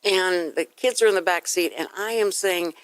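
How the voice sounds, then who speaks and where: A woman's voice: lowish voice, normal speed, dry recording, poor audio. A woman hosting a radio talk show, telling anecdotes and acting out the voices in them. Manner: animated storyteller, acts out voices in anecdotes. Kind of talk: casual radio chat.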